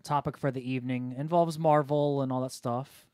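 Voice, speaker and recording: A man's voice: medium pitch, fairly even intonation, normal speed, dark tone, dry recording. Man, host, casual chat, easygoing, steers the talk, dry sound. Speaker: podcast host.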